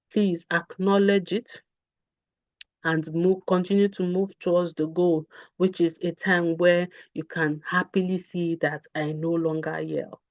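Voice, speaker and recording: A woman's voice: fairly low pitch, a little mellow, no echo, muffled recording. Earnest woman coaching parents. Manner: earnest, repetitive, with many fillers. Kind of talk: live online talk with Q&A.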